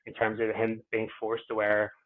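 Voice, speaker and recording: Male podcast guest with a lowish voice, reflective and halting, on a thin phone-quality line. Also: monotone. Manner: reflective, pausing often to find words. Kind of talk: casual interview conversation.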